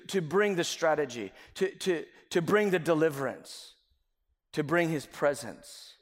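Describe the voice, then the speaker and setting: A man with a fairly high voice preaches a sermon, his words ringing out through a large, reverberant church sanctuary. He talks animatedly and slips into little acted-out scenes of everyday dialogue. At times he drops to a near whisper to press a point home. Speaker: pastor. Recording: long hall reverb.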